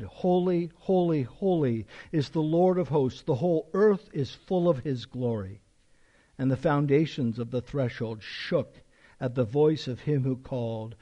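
A man's voice: medium pitch, dark tone. A man preaching an expository sermon as a pastor, reading scripture aloud with emphasis and explaining it to a congregation.

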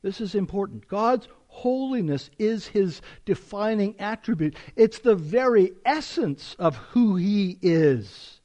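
A man's voice: sits high, lively intonation, slow, hardly any pauses, mellow. A man preaching an expository sermon as a pastor, reading scripture aloud with emphasis and explaining it to a congregation.

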